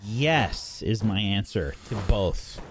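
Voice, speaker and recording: A man's voice: on the low side, lively intonation, slow, a little hiss or hum. A man running a tabletop game as game master, narrating a monster attack dramatically and swearing casually.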